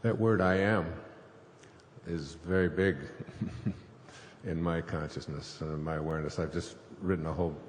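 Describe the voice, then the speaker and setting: A man's voice: low-pitched, fairly even intonation, moderate pace. A man, a spiritual author, telling a scripture story to an audience in a rambling way, with fillers and chuckles. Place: stage before a live audience. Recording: echoey hall, faint noise.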